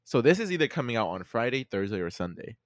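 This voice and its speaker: A teenage boy hosting a podcast with friends, chatting casually and joking with quick asides. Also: medium pitch, sing-song, no room sound, clean studio sound. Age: teens. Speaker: podcast host. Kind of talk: casual chat.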